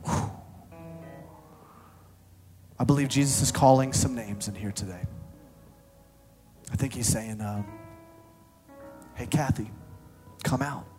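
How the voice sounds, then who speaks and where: A man preaching a sermon, swinging from loud, excited reading to quiet, intimate appeals, with playful asides. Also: fairly low pitch, unhurried, long pauses. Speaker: pastor. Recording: soft music underneath.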